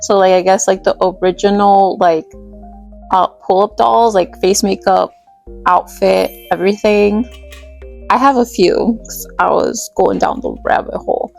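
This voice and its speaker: A woman's voice: medium pitch, measured pace, creaky, darkish tone, faint music behind. A woman vlogger chatting casually about her doll collection, rambling and giggly, tripping over names as she goes. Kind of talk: casual chat while restyling dolls.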